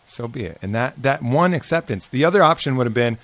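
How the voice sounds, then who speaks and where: A man's voice: medium pitch, lively intonation, quick pace, a bit bright, no room sound. A man as a podcast guest, talking casually and earnestly about facing fear, with some swearing. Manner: earnest, reflective, profane. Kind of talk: casual conversation.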